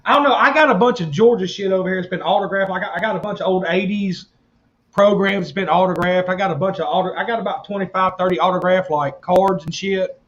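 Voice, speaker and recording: High-voiced, profane man. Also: fast, fairly bright tone, lo-fi sound. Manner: profane, rowdy storytelling. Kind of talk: casual chat.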